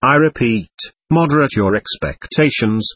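A man reading a mocking gentleman devil. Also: medium pitch, lively intonation, moderate pace, breathy edge, dry recording. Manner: ironic, chatty, worldly. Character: suave, mocking male devil, a gentleman visitor. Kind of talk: audiobook character reading.

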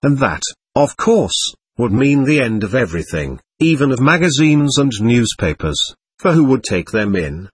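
A man reading as a sly, husky devil. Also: medium pitch, sing-song, moderate pace, dry recording. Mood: ironic. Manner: ironic, theatrical, self-pitying musing. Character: sly mocking male devil, talkative and sulking. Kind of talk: audiobook reading of a novel.

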